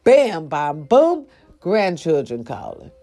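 An older grandmother in a casual vlog, giving animated, profane advice to her viewers and calling them y'all. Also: deep voice, slow, faint music behind. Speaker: vlogger. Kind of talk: casual straight-to-camera talk.

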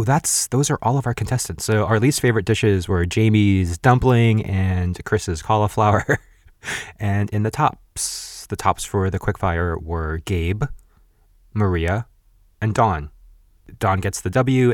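A man's voice: sits low, unhurried, no echo, clean studio sound. A man in his thirties hosting a podcast, casually recapping a cooking show, chatty with frequent laughs and blunt asides. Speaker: podcast host.

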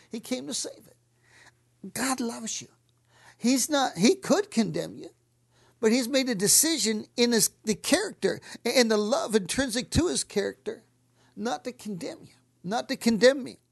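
A woman preaching a sermon, fervent, repeating words and dropping to soft whispers on key lines. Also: a little high, creaky.

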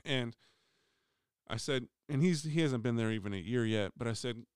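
A middle-aged man talks through a story from his workplace in a loose, rambling way, often stopping to restart his sentences. His voice is very smooth and clear. The sound is dry and close, with no room around it. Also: medium pitch, normal speed, dry recording. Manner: rambling, frequent restarts, acts out quoted voices. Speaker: union steward. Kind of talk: casual storytelling monologue. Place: voice message recording.

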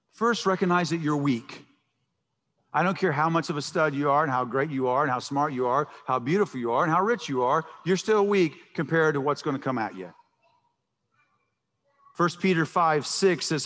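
A man's voice: on the high side, fairly bright tone. A man preaching a sermon as pastor, emphatic and prone to repeating words as he starts a thought, recorded in a church sanctuary. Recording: long reverb of a large hall.

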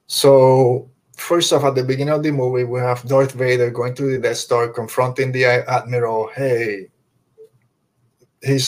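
A man co-hosting a podcast, talking casually and enthusiastically, rambling and slipping into quick impressions of characters. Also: medium pitch, level tone. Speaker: podcast co-host. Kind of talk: casual fan review chat.

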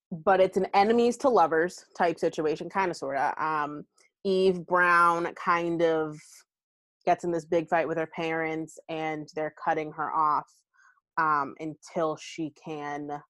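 A woman's voice: deep voice, dry recording. A woman podcast host in casual chat, candid and chatty, rambling through asides with lots of likes and ums. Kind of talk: casual book review chat.

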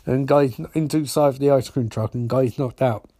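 A man hosting a podcast, recapping a TV episode in a rambling, sarcastic way and slipping into quick voiced quotes of the characters. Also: medium pitch, warm tone, no echo, studio quality. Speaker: podcast host.

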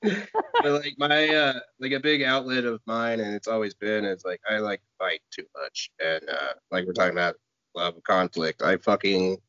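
A man co-hosting a podcast in casual chat, halting and full of fillers as he talks about himself. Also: lowish voice, sharp tone, dry recording. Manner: halting, filler-heavy, self-deprecating. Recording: dull, dry lo-fi audio.

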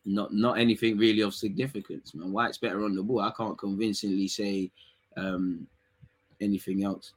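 A young man, chatting casually on a live stream, reading comments and teasing his chat in quick, slangy talk. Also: lowish voice, steady tone, husky. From England.

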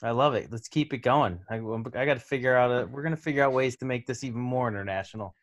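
A man's voice: mid-range voice, quick pace. A man co-hosting a podcast in casual chat, with a dry, teasing manner. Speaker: podcast co-host.

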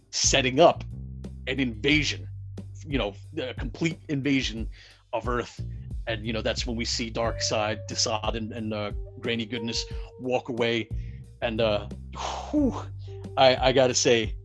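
A man's voice: mid-range voice, a little slow, soft background music. A man casually recapping a movie, rambling with lots of fillers and some swearing, getting worked up over the action. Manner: rambling, heavy "you know" and "like" fillers, profane; grows excited and loud at the climax.

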